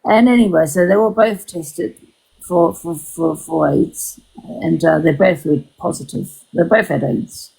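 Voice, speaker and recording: A woman with a gravelly, raspy voice talks in a loose, rambling way. She swears freely and keeps restarting her sentences. It sounds like a casual livestream chat. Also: on the low side, a little slow, mellow, rough recording.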